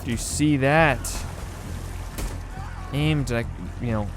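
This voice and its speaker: With faint music behind him, a gaming video host with a mid-range voice takes it slowly. His casual let's-play commentary runs sarcastic as he plays, and he's often exasperated.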